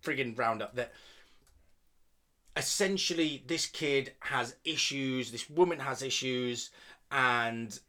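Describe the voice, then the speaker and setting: A man's voice: medium pitch, pushed and bright. Sweary man chatting casually. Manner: sweary, jokey, laughs often. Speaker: podcast co-host. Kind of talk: casual film-review chat.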